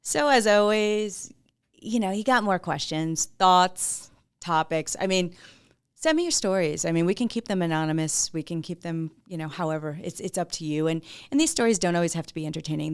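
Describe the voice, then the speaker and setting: A podcast host with a low, clean-toned voice speaks at a moderate pace. She talks to her listeners casually and candidly, laughing often and swearing freely.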